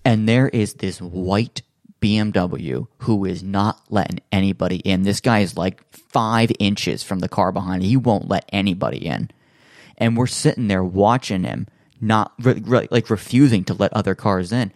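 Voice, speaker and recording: A man's voice: fairly low pitch, moderate pace, a little mellow, no room sound, studio quality. A man in a casual chat, telling stories in a rambling way with many fillers and restarts, acting out what people said. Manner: acts out quoted voices in his stories.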